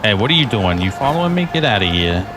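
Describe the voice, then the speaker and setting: A man's voice: fairly low pitch, sing-song, fast, over music. A man putting on a blustering New York tough guy. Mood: mock-tough. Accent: New York, put on. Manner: mock-aggressive, blustering.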